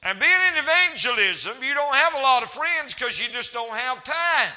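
A man's voice: very high voice, expressive, normal speed, sharp tone. A man preaching a folksy, humorous sermon as a traveling evangelist in a church. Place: church hall. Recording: reverberant church hall.

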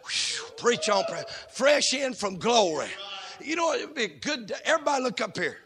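A man preaching a sermon in church, fervent and folksy, swinging between shouted lines and low asides. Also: big pitch swings, normal speed, a crowd in the background.

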